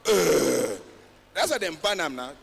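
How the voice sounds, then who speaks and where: A man with a Nigerian accent doing a stand-up comedy routine on a big festival stage, switching between Pidgin and English with loud acted outbursts. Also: fairly high pitch, lively intonation, moderate pace, a crowd in the background. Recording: long hall reverb, faint music.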